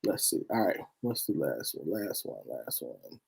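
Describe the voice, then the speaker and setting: A woman's voice: very deep voice, very animated, a little slow, creaky, darkish tone, breathy edge. A woman hosting a casual panel chat, reading listener posts aloud and laughing often as she goes. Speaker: host.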